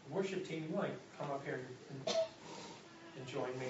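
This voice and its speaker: A male pastor preaching a sermon, moving between loud urgent passages and soft hushed ones. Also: medium pitch, fairly quick, pauses often, distant mic, slight background noise. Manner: dynamic preaching, drops to a soft hush for God's voice. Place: church hall. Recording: echoey, muffled hall recording from afar.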